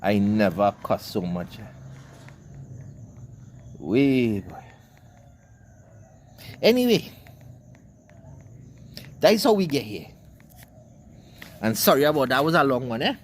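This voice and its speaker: A man's voice: mid-range voice, sing-song, slow pace, pauses often, a little hiss or hum. A man with a Trinidadian accent telling a rambling comic story in dialect, cussing and carrying on as an online commentator.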